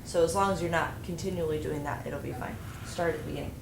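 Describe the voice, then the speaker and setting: A woman's voice: sits low, fairly even intonation, fast, creaky. A woman instructor coaching a music ensemble through a rehearsal, giving direct, practical instructions with fillers. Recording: echoey room with noise, from a distance.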